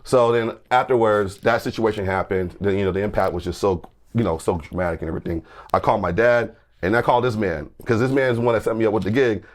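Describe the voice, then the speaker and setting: A man, a guest church musician, telling an animated story in a podcast conversation, full of restarts, "like" and "I'm like", and acted-out quotes. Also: on the low side, quick pace, hardly any pauses. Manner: tells anecdotes with lots of restarts and acted-out quotes; fillers like "like" and "I'm like".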